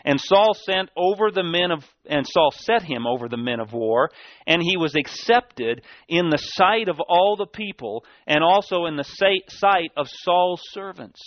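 A man's voice: a little high, expressive, a little slow. A man preaching a sermon, emphatic, repeating key words and swinging between a raised and a dropped voice. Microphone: sermon tape recording. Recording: dull dry lo-fi church tape.

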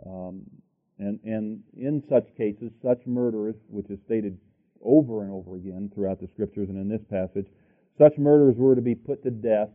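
A man preaching a sermon, reading scripture aloud and thinking aloud between verses with halting restarts. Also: on the low side. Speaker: pastor. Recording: tinny lo-fi sermon tape.

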